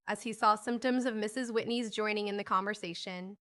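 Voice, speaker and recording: A woman reading a classic novel aloud as an audiobook narrator, with expressive, clear delivery. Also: medium pitch, fairly quick, few pauses. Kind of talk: scripted narration.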